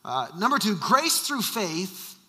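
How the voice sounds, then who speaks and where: A man who is a senior pastor preaching a sermon, shifting between emphatic bursts and quiet asides. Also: sits high, big pitch swings, slow, big-room sound. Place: church sanctuary.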